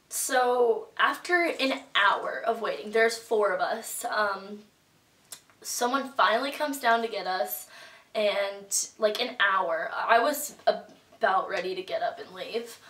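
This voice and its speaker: A woman's voice: medium pitch, fairly bright tone, far from the mic. Young woman telling a chatty story in a roomy room. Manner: chatty, filler-heavy with lots of "like" and quoted reactions. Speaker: vlogger. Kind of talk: casual storytelling vlog. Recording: roomy echo, voice a bit off-mic.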